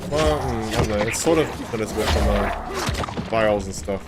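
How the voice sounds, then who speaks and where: A man's voice: lowish voice, fairly quick, heavy background noise. A man with an Australian accent streaming a game, talking casually with stammers and frequent laughter. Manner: rambling, stammering, laughs often. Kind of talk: casual gaming chat.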